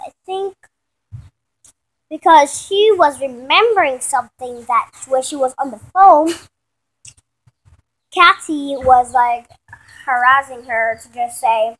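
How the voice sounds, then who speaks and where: A woman with a high voice tells a made-up story off the cuff. She speaks slowly, trailing off, restarting and correcting herself as she goes. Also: animated, a bit bright. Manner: rambling, restarting, self-correcting. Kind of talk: improvised spoken story.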